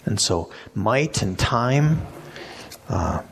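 A man's voice: on the low side, big pitch swings, very slow, creaky, a little hiss or hum. A man, a pastor leading an interactive Bible study, who asks the group questions and repeats their answers back to them. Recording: long reverb in a hall.

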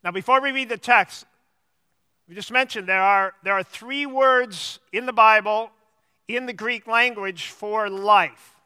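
A man preaching a sermon as pastor, teaching slowly and repeating key words for emphasis. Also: high-pitched, sharp tone, clear, resonant tone, big-room sound.

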